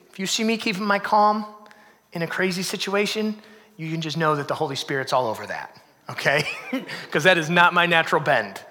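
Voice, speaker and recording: A male pastor preaching with a high, bright voice. He moves from energetic, emphatic bursts to soft, hushed lines, with long reverb from a hall around him. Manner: dramatic swings from loud emphasis to hushed near-whisper. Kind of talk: sermon.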